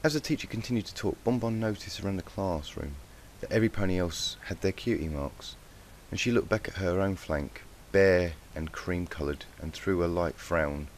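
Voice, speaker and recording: Low-voiced man reading a story aloud. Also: moderate pace, few pauses, slight background noise. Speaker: fanfic reader. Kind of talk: storybook narration.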